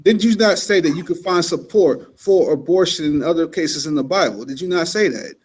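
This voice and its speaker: A man co-hosting a casual debate who presses the other man with quick, pointed questions. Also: fairly high pitch, a little mellow, breathy edge.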